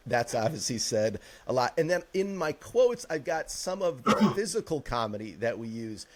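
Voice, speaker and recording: Excitable man with a higher voice. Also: moderate pace, few pauses, slight background noise. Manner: excited, laughs often, quotes movie lines with gusto. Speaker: podcast co-host. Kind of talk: casual chat.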